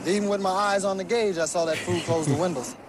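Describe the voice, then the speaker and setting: A man's voice: high-pitched, steady tone, fast, lightly acted. An actor playing a sarcastic man trading mocking comebacks during a car breakdown, in a 1970s film comedy scene. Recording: film soundtrack with outdoor road noise.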